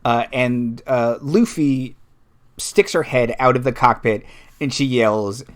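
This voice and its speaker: A man running a tabletop role-playing game, describing scenes in a loose, filler-laced way. His pitch swings widely and animatedly. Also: lively intonation, slow pace, fairly bright tone. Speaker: game master.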